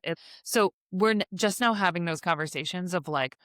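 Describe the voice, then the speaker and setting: A young woman hosting a podcast in casual chat, a bit out of breath, chatty and animated, laughing often. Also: on the low side, moderate pace, dry recording. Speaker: podcast host.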